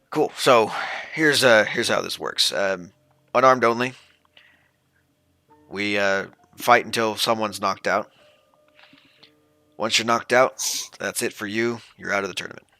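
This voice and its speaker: Man voicing a gruff retired ranger. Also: lowish voice, slow, long pauses, sharp tone, no room sound, faint music behind, full character voice. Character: retired male ranger fight-master, mid-thirties, gruff.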